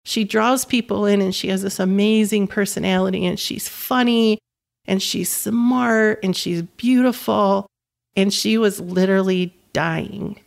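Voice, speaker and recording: A woman's voice: mid-range voice, measured pace, gravelly. Earnest, emphatic woman in her fifties. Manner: earnest and emphatic, repeats words for stress. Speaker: guest, caregiving mother. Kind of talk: personal storytelling in conversation.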